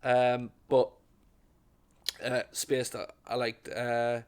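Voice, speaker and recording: A man's voice: medium pitch, monotone, drawn-out words, clean tone. A middle-aged man, a stand-up comedian telling rambling anecdotes in casual chat, with plenty of restarts. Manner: rambling anecdotes, acts out quoted voices, lots of restarts.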